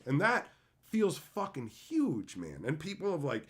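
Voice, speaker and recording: A streamer and entertainer chats casually with viewers on a live stream, swearing freely and laughing often. His voice is on the high side and his pace a little slow, and his manner is animated and profane.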